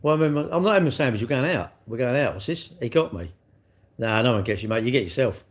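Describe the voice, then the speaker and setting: A man's voice: medium pitch, expressive, fast. An older man, chatting casually on a live stream, blunt and teasing as he answers comments. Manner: blunt, teasing banter with chat. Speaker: livestreamer.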